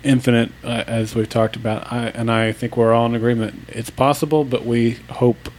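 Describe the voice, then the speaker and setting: Male podcast co-host from Oklahoma, mid-pitched, easygoing, reads mail and jokes with co-hosts. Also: little pitch movement, normal speed, a little mellow, slight background noise. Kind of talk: casual podcast chat, reading listener emails.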